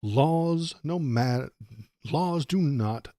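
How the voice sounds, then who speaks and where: A man's voice: on the high side, expressive, very slow, mellow, dry recording, studio quality. A man hosting a political livestream, ranting sarcastically and tripping over his words. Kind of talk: casual political commentary.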